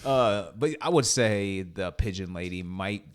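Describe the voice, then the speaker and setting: Man, lowish voice, casual podcast chat, animated, swearing, acting out quotes. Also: unhurried. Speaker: podcast co-host. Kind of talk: casual movie review chat.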